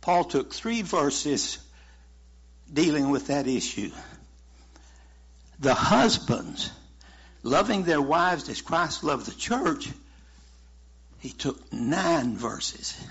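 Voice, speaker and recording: A man's voice: on the high side, animated, drawn-out words, pauses often, a bit bright, breathy edge. A man preaching a sermon in a folksy, conversational way, chuckling now and then. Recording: muffled lo-fi sermon recording.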